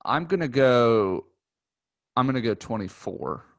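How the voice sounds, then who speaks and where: A man co-hosting a golf podcast, talking in a relaxed, chatty way with frequent ums. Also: mid-range voice, unhurried, dull audio. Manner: relaxed, chatty, says um often. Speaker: podcast co-host. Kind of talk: casual chat.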